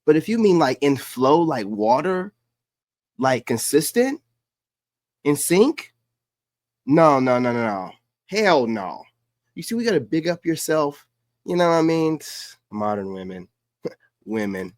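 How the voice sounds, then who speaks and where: A man's voice: on the high side, very animated, measured pace, pauses often, a little mellow, no room sound. A man hosting a casual livestream, reacting to clips in loose, emphatic street talk. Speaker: livestream host.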